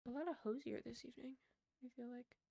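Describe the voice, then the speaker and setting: A woman's voice: fairly high pitch, fast talker, creaky, dark tone, a little hiss or hum. A young adult woman streaming, chatting casually with a rambling storytelling manner, lots of fillers and easy laughter. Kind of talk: casual chat while gaming.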